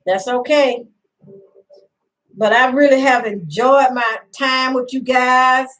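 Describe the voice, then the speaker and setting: A woman's voice: high-pitched, fairly even intonation, slow, fairly bright tone, poor audio. A middle-aged woman hosting a casual home live stream, rambling and chatty, greeting viewers by name and laughing often. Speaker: livestream host.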